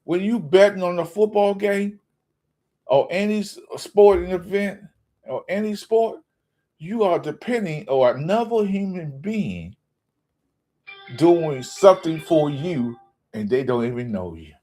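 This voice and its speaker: A man's voice: high voice, lively intonation, measured pace, mellow, faint music behind. A man hosting his own sports channel, ranting casually and mocking fans, often laughing.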